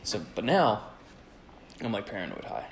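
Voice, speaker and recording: A man's voice: fairly low pitch, normal speed, creaky, slight background noise. A young man in casual chat, telling a crude story full of swearing and laughter. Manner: profane, animated, laughing storyteller.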